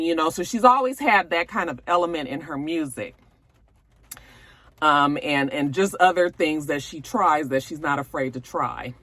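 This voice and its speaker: A woman's voice: low voice, fairly bright tone, dry recording. A woman hosting a gossip show from home, chatting casually and rambling to her viewers with lots of fillers. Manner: chatty, rambling, many fillers, addresses viewers as you guys.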